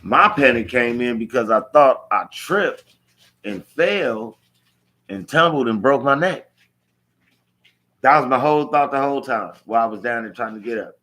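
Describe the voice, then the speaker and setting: Here the Angeleno's mid-range voice is expressive and sharp, moving at a moderate pace. He narrates his personal history to the camera, unscripted, forceful and profane, with key phrases said again and again.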